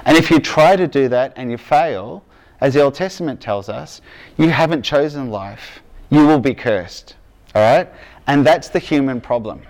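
A man's voice: medium pitch, lively intonation, normal speed, darkish tone. Australian man preaching conversationally. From Argentina. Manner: conversational, checks in with "okay?" and "right?". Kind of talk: sermon with personal story.

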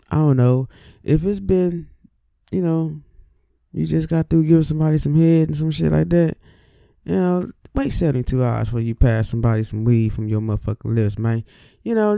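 A man in casual, profane, rambling talk to camera, speaking with lively asides. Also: a little high, gravelly, no echo, clean studio sound. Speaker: cannabis vlogger.

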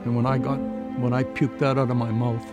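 A man's voice: medium pitch, level tone, a little fast, loud music behind the voice. A man giving an earnest personal testimony in an interview, retelling past conversations with many "I said" tags. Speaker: guest sharing his faith story.

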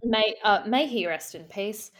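A woman in a comedy chat, talking in a mock-earnest, rambling way. Her pitch sits in an ordinary middle range. She restarts her sentences over and over. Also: unhurried, a bit bright. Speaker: comedic interviewer in character.

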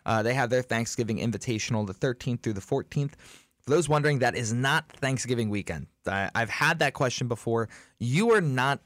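Lively, laughing male talk show host. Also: medium pitch, fairly quick, no echo, studio quality. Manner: lively, laughs often, lists events. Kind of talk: casual studio chat.

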